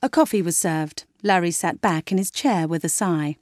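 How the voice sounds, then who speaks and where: A woman reading a story aloud in a measured, expressive way. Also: low-pitched, gravelly, no echo, clean studio sound. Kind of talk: audiobook reading.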